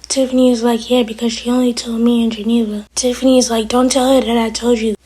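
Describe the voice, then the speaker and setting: A woman's voice: a little high, little pitch movement, fast talker, dark tone, slightly rough, rough recording. A woman reviewing a TV episode in a casual recap, retelling scenes with quoted lines and often dropping to a whisper.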